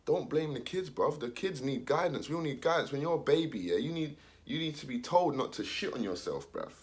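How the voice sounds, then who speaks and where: A man's voice: a little high, lively intonation, a little fast. A young man, talking casually in street slang, ranting his opinion and acting out the voices of others. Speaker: commentator.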